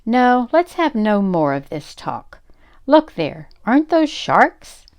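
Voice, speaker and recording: An older woman voicing a calm, formal English butler in a storybook read-aloud. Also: on the high side, slow pace, voice pushed up, exaggerated voice. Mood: polite. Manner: calm, formal, soft-spoken. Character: proper, polite English butler man.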